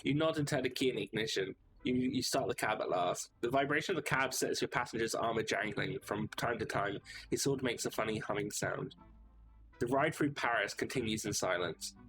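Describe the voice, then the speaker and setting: A man's voice: mid-range voice, fairly quick, music in the background. Man reading a story game aloud. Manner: reads game text, chats casually between. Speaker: streamer.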